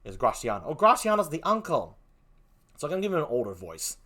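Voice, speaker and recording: Older man, retired host, casual asides, bright sharp voice, lively pitch. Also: quick pace. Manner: casual asides between lines. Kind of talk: narrating a one-man Shakespeare reading.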